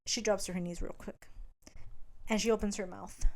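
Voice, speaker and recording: A woman's voice: medium pitch, moderate pace. A woman podcast co-host casually retelling a book plot, swearing freely and telling it with animation. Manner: profane, animated storytelling. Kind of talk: casual book recap chat.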